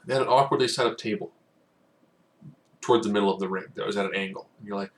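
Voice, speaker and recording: A man giving a casual, rambling spoken recap, now and then acting out quotes in loud bursts. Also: fairly low pitch, fast. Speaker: wrestling recap host.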